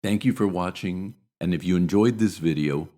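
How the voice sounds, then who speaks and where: An American man teaching English pronunciation in a scripted narration, demonstrating sounds deliberately. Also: low-pitched, mellow, soft background music. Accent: General American.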